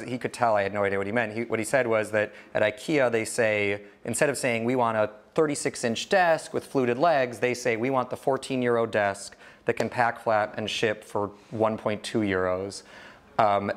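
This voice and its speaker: A man in his thirties giving an informal, candid talk about startups, rambling with many restarts. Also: on the low side. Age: 30s. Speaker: guest speaker, entrepreneur.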